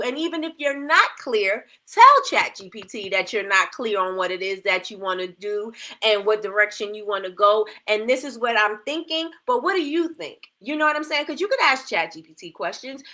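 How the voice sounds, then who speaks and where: Here the livestream host sounds fairly high and sharp. She talks casually to her audience in coaching mode, asking lots of rhetorical questions and repeating herself, while a new retainer leaves her mouth dry.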